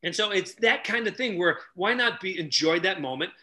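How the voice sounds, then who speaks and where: A middle-aged man telling stories loudly on a podcast, acting out each character's lines as a relationship coach. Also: high voice, a little fast, a little hiss or hum. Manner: animated, loud, acts out dialogue. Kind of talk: energetic storytelling in casual chat.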